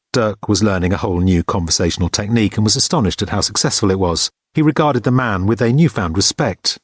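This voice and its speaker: A man reading an audiobook in a measured, understated narrating manner. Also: fairly low pitch, husky, no room sound, clean studio sound. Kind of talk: scripted narration.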